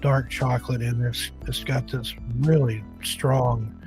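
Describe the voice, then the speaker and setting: A man's voice: mid-range voice, steady tone, measured pace, over music. A man hosting a casual live-stream chat show, joking and rambling with a slightly scratchy throat. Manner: easygoing, joking, rambling with restarts. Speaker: podcast host.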